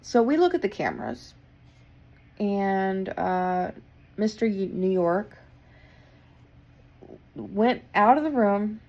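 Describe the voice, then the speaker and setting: A woman's voice: mid-range voice, very animated, takes it slowly, long pauses, a little mellow. A young woman who works at a hotel, telling a story in a blunt, casual way with plenty of swearing and a tired, wry tone. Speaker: hotel worker.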